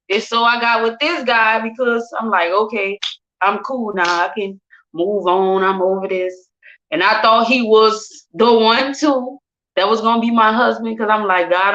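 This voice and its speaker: Candid woman with a bright voice. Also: fairly high pitch. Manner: casual, candid, conversational, acts out quoted voices. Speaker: host telling her own story. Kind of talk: personal storytelling. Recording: dull lo-fi sound.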